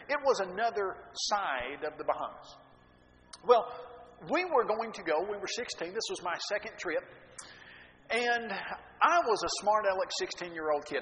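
A man telling a story from the pulpit in an animated, self-mocking way. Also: sits high, a little hiss or hum. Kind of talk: sermon storytelling. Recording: dull echoey hall recording, faint ambience.

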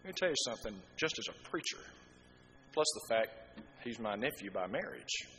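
A man's voice: on the low side, big pitch swings, normal speed, slight background noise. Emphatic preacher man in a reverberant hall. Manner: emphatic, swings from quiet to loud. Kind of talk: sermon. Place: church hall.

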